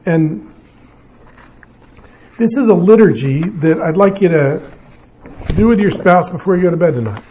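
A man's voice: sits high, expressive, moderate pace, pauses often, dark tone, slight background noise. An older man, a pastor, giving an evening marriage talk to an audience in a conversational, self-deprecating way with frequent restarts.

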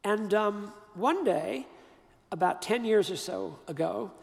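An older man giving a sermon, telling a personal story in an emphatic, conversational way with pauses and restarts. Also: high voice, lively intonation, creaky, long reverb tail. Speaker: preacher.

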